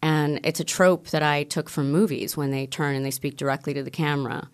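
A woman's voice: sits low, flat delivery, fairly quick. A woman speaking as an author guest in a casual interview, frank and outspoken, often trailing off and restarting.

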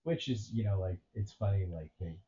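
A man's voice: on the low side, fairly quick. A man co-hosting a podcast, talking casually and sardonically in a rambling way, sometimes slipping into mocking voices. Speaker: podcast co-host. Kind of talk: casual political chat. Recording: dull lo-fi sound with faint noise.

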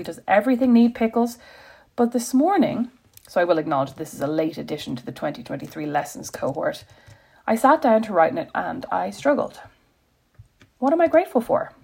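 Woman, wry confessional reader, husky with a bit of fry. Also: fairly low pitch, a little mellow. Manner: wry, self-deprecating, confessional. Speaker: blogger reading her own post. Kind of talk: reflective personal reading.

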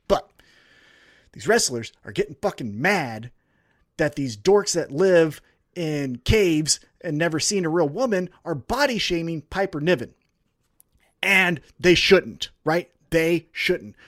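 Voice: mid-range voice, animated, slow, no room sound, clean studio sound. A podcast co-host ranting in a casual show, heated and full of swearing.

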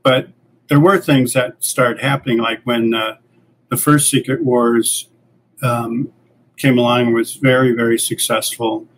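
Older man telling stories, relaxed. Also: mid-range voice, unhurried, poor audio. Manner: relaxed anecdotal, acts out quoted dialogue. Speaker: guest, comics creator and editor. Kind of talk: casual interview storytelling.

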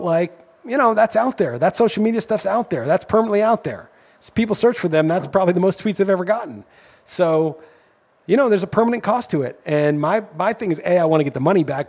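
Middle-aged male podcast host, rapid husky delivery, riled-up storyteller. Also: high voice, darkish tone. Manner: indignant, storytelling, rising intensity when ranting. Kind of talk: casual podcast chat.

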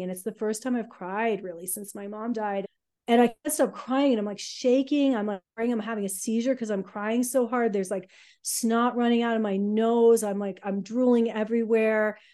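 A woman telling her own life story on a podcast, candid and halting, with many fillers. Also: on the high side, steady tone, dark tone.

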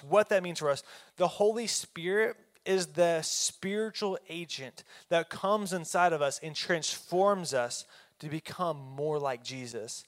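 A man preaching a sermon as a pastor, folksy and emphatic, with fillers and restarts. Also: fairly high pitch.

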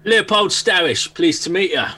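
A man voicing a jovial male adventurer with theatrical, drawn-out greetings. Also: high-pitched, bright, forceful tone.

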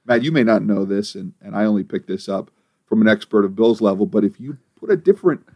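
A man co-hosting a comedy podcast, recapping timestamps in a dry, deadpan play-by-play. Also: on the low side, quick pace, no echo. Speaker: podcast co-host.

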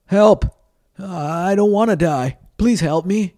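A man's voice: high-pitched, takes it slowly, dark tone, no room sound, studio quality, pitched above the performer's own voice. A man reading a story and voicing a frantic, tearful young man who pleads in a raised voice. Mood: panicked.

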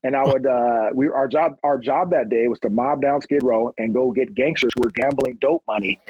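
A man's voice: mid-range voice, moderate pace, breathy edge, low-quality recording. A middle-aged man from Long Beach, a police officer telling stories in a casual interview and acting out the people he quotes. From Long Beach, California. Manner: animated storyteller who acts out quotes.

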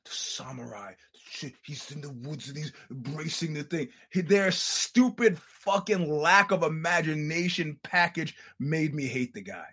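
A male podcast host who rambles through a casual monologue. His voice sits a little higher than most men's. He swears freely and slips into the voices of the people in his stories. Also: unhurried, husky. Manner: animated, profane, acts out quoted people.

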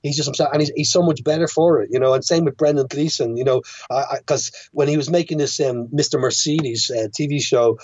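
Irish male filmmaker guest, young adult, halting rambling delivery, dull lo-fi dry recording. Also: fairly high pitch, darkish tone, breathy edge, no room sound. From Ireland. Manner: rambling, many restarts and stammers. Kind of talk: casual podcast chat.

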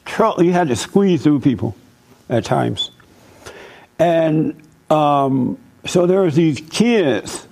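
A man hosting a talk show, telling an animated, emphatic story and preaching in a casual, fervent way. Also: on the high side.

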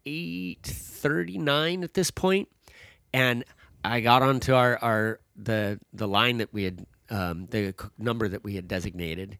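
A man's voice: mid-range voice, fairly bright tone, dry recording. A man casually telling a long story about a hike, with many fillers and restarts. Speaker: guest, father telling a hiking story.

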